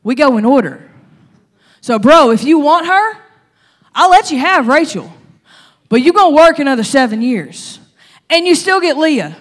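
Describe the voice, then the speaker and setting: A woman's voice: high-pitched, big pitch swings, normal speed, pauses often, pitched above the performer's own voice. A woman voicing the biblical father Laban, bargaining in a casual, slangy way in a sermon retelling. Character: biblical man Laban, older, scheming father.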